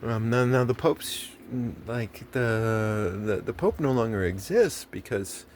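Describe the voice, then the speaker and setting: Speaking slowly in a mid-range, slightly mellow voice, an American man rambles and rants casually with plenty of profanity. Faint background noise sits behind his many restarts and filler words.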